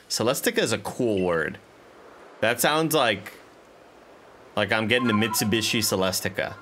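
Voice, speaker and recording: A male streamer commenting casually on a game, excitable and swearing often while he talks to the game and chat. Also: on the low side, normal speed, pauses often, slight background noise. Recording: game music playing under voice.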